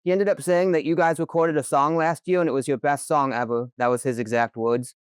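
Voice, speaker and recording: A man's voice: on the high side, fairly even intonation, fairly quick, smooth, no echo. A man interviewing a band, chatty and enthusiastic, joking as he asks questions. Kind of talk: casual interview.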